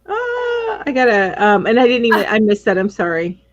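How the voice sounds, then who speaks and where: Animated woman co-host, lively pitch, muffled dry call audio, bubbly and apologetic. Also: moderate pace, dry recording. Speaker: co-host of a crochet live show. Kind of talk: casual chat.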